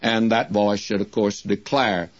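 An older man teaching the Bible on the radio, preaching slowly and deliberately with emphatic repeated phrases. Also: on the low side, flat delivery, no echo. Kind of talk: radio sermon. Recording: dull lo-fi dry radio recording.

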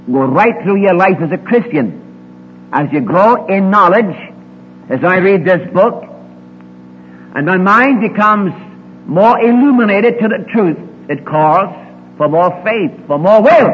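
A man preaching a sermon, swinging between emphatic rises and quiet low asides. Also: lively intonation, measured pace, pauses often. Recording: tinny lo-fi recording with long hall reverb and faint hum.

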